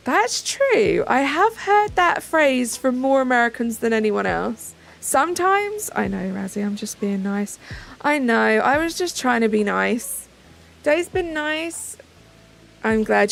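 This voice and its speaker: Hosting a casual live stream, this woman from Britain reads viewers' messages aloud, responds to them, and thanks her audience in a chatty way. Her voice sits on the high side and sounds creaky. There's faint background music.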